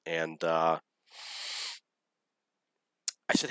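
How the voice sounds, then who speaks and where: Low, bright-voiced man telling stories. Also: expressive, normal speed, no room sound, poor audio. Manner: rambling, self-correcting, wry. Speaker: storyteller. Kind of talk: casual anecdote telling.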